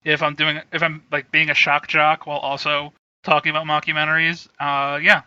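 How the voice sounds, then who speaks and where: A man co-hosts a comedy podcast with a high, piercingly bright voice. He delivers absurd jokes in a deadpan tone. The sound is close and completely dry. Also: fairly quick, clean tone, no room sound, muffled recording. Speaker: podcast co-host. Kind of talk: casual comedy podcast chat.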